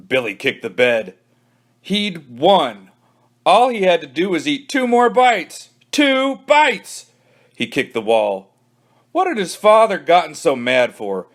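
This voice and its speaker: A man, a children's librarian, reading a children's book aloud with animated storytelling. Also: a little high, slow pace.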